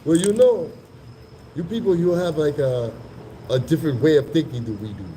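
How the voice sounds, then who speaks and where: A man doing a condescending African man who stammers and repeats himself, speaking noticeably higher and a bit louder than the man's own voice. It is a light impression rather than full acting, with a mellow, warm tone underneath. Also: little pitch movement, a little hiss or hum, close to an everyday voice, low-quality recording. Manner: mimicked foreign accent, halting repetition.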